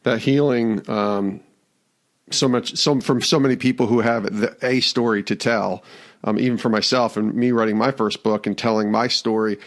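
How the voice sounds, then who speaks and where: A man with a fairly low voice hosts the interview. He asks long, considerate questions, hesitating and rephrasing as he goes. His tone stays gentle and reflective. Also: fairly even intonation, normal speed. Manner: thoughtful, gentle, searching for words. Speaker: podcast host.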